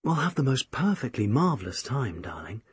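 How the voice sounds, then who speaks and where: Husky man reading an audiobook. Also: medium pitch, sing-song, normal speed, dry recording, clean studio sound. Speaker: audiobook narrator. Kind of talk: first-person literary narration.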